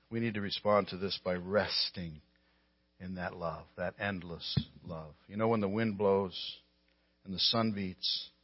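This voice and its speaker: Male pastor, low voice, forceful stresses and hushed drops, muffled dry sermon audio. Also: breathy edge, no echo. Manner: emphatic, with sudden loud stresses and quiet drops.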